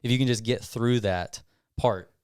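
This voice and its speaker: A man who owns a gym, telling a long personal story on a casual podcast, rambling and animated as he quotes himself. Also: medium pitch, moderate pace, smooth, no room sound, clean studio sound. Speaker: gym owner guest.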